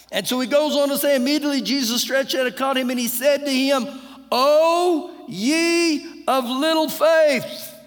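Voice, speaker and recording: High-voiced Texan pastor preaching in a reverberant hall. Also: male voice, fairly bright tone. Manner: earnest, conversational preaching with repeated phrases. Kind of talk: sermon. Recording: long church-hall reverb.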